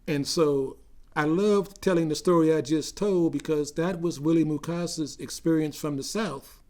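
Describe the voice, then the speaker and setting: An older man recounting memories in an oral history interview, growing animated as he tells a story. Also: fairly high pitch, moderate pace.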